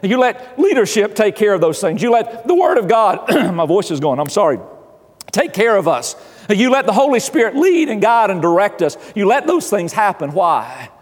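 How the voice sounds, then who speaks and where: A man's voice: sits high, sing-song, moderate pace, in a large hall. A male pastor delivering an earnest sermon in a church, often repeating his phrases. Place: church sanctuary.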